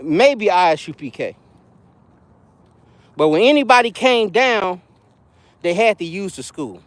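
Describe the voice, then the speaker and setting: A man's voice: high-pitched, very animated, unhurried, dry recording. A man giving casual live-stream commentary, emphatic and repetitive, often laughing. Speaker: online commentator on religious leaders.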